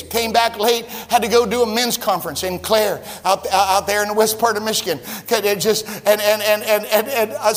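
A middle-aged man preaches a sermon in a high, tenor-range voice. He tells his story in a conversational way, then climbs into loud, fervent emphasis. The sound carries a long church-hall reverb. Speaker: pastor.

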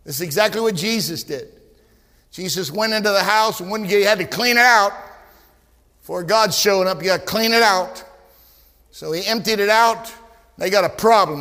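A man, preaching a fervent sermon with storytelling and shouted emphasis, recorded in a big church with long hall reverb. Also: high-pitched, animated, normal speed, pauses often. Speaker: pastor.

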